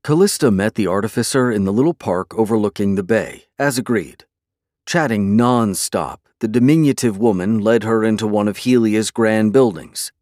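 A low-voiced man narrates a fantasy audiobook with steady, measured delivery, captured in a dry, clean studio recording.

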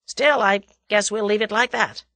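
A woman's voice: mid-range voice, normal speed, sharp tone, dry recording, clean studio sound. A woman reading an audiobook, voicing an earnest young American man who talks in a persuasive way.

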